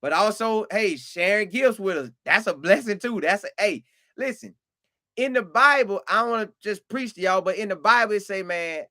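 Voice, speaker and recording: A high-pitched man hosts a live stream, reading comments aloud and thanking viewers. His voice is bright and forward, and he talks loosely with sermon-like asides. The sound is dry and close. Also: no echo. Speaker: podcast host reading live chat. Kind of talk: casual live-stream chat.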